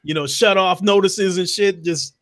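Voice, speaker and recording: A man, calmly recounting his playthrough in a casual chat. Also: sits high, normal speed. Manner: relaxed, laughs along, recounts gameplay.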